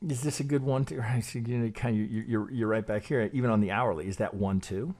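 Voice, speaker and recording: A man's voice: on the low side, a little fast, darkish tone. A man teaching trading who thinks aloud while charting, hesitant and self-questioning, often repeating words and tagging lines with "right?". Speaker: trading educator.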